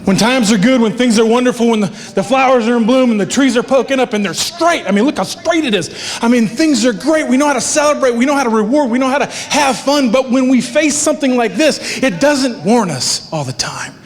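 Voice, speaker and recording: A middle-aged man giving a motivational speech, telling stories in a lively way and acting out other people's voices. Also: very high-pitched, fairly quick, hardly any pauses. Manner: animated storytelling, acts out voices. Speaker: motivational speaker. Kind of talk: keynote speech with live art. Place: large hall with live audience. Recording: long hall reverb, faint background noise.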